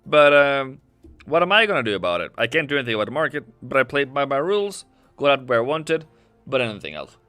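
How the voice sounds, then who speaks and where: A man's voice: mid-range voice, sing-song, fast, pushed and bright, smooth, no room sound. A man hosting a live trading stream, casually thinking aloud over charts and reading chat messages. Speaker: forex trading livestream host. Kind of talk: casual live market commentary. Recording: dry close sound with faint music. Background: faint background music.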